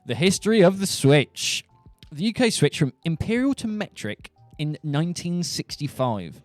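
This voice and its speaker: Speaking at a normal speed in a very animated, fairly high voice, a young man streams a loose, joking monologue. He is from England and has a Southern English accent from Buckinghamshire. Faint music sits behind him in an otherwise dry recording.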